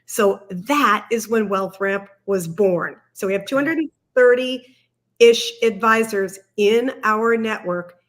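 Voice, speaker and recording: A woman's voice: medium pitch, slow pace, a bit bright. A middle-aged woman, a company founder, explaining her career with enthusiasm as a livestream guest. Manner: enthusiastic, explanatory, often says "like" and "really". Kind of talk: casual livestream chat.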